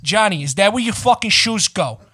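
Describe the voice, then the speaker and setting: A man voicing a hot-tempered New York man, loud and swearing, scolding someone about the mess at home. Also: high-pitched, animated, normal speed, breathy edge, pitched above the performer's own voice, heavily acted. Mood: mock anger. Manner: loud, swearing, mock-angry ranting.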